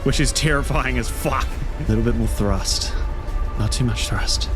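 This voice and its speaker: A young man commenting on his own gameplay, excitable and swearing freely as he panics aloud through a difficult landing. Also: mid-range voice, moderate pace. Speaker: gaming YouTuber. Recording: game music behind voice. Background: game music.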